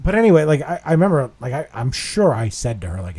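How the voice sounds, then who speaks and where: A man in his thirties co-hosting a casual chat, telling a long story in an animated, self-deprecating way with frequent swearing. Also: medium pitch, fairly quick, breathy edge. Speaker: podcast co-host.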